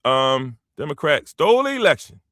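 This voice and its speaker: A man's voice: on the high side, normal speed, no room sound, clean studio sound. A man from the United States hosting his own show, rambling through casual opinion commentary and talking straight to his listeners. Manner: animated, rambling, emphatic, addresses listeners directly. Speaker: show host.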